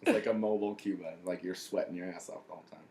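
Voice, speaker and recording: A young man with a low voice chats loosely on a podcast, rambling through his stories with lots of fillers. He slips into quick acted-out quotes along the way. The room around him is echoey. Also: fairly even intonation, warm tone. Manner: rambling storyteller, many fillers, acts out quotes. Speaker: guest, restaurant owner. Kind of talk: casual podcast chat.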